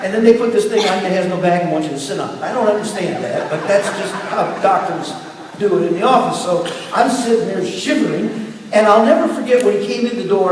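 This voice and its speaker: A middle-aged man pastor preaching a sermon with personal testimony, telling his story in turns quiet and emphatic. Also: high-pitched. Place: church sanctuary. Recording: echoey hall from far off, faint hiss.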